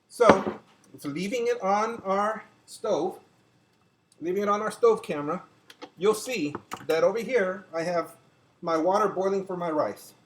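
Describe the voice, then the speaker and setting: Older man, home cooking show host, chatty step-by-step talk, fairly high voice, faint background noise. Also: low-quality recording. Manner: chatty, talks to viewers as he cooks. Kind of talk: casual cooking demonstration. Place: home kitchen.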